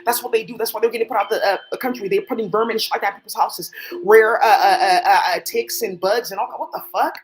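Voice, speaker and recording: A woman's voice: mid-range voice, fairly even intonation, fast talker, poor audio. A woman talking alone on a livestream, rambling and swearing as she jumps from one topic to the next. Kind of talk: rambling solo livestream talk.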